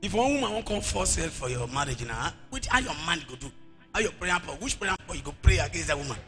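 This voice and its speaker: A Nigerian man preaching a deliverance sermon in church, animated and often shouting. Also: a little high, quick pace, over music. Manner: animated, shouting, mimics people. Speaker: pastor.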